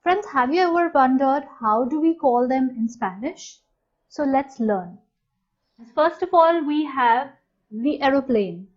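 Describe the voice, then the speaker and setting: A woman teaching a language lesson, saying each new word slowly and clearly and then repeating it. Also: high-pitched, a little mellow. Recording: dull, slightly lo-fi sound.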